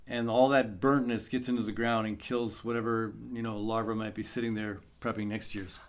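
A man's voice: lowish voice, level tone, moderate pace. Radio host guy reading listener garden questions, jokey, easygoing. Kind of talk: casual radio chat on gardening.

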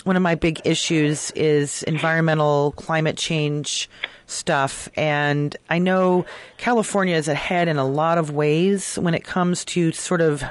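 A woman's voice: low-pitched, fairly even intonation, unhurried, no room sound. Woman radio host thinking aloud. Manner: thinking aloud, many fillers and restarts. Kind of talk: radio interview.

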